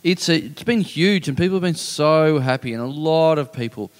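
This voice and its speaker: A man's voice: on the high side, expressive, moderate pace, long reverb tail. A man hosting a live podcast, chatting casually and rambling with many restarts and swearing. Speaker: podcast host and festival organiser.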